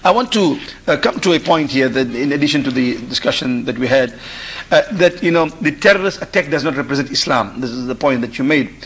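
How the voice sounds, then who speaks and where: A man from Africa speaking as a guest on a call-in discussion show, pausing and restarting his phrases as he talks. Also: mid-range voice, animated, a bit bright, slightly rough. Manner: halting, repeats and restarts phrases. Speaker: panel guest.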